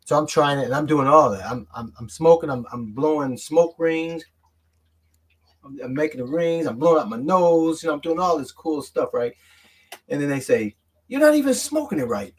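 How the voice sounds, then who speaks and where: A man, a guest on a casual panel chat over a video call, telling a story with animated acted-out voices. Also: fairly high pitch, moderate pace, breathy edge.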